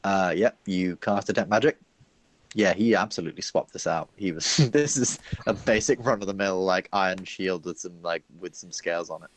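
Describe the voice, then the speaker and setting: A man narrating as game master of a tabletop game, chatty and quick to laugh. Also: deep voice. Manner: chatty, laughing, lots of fillers.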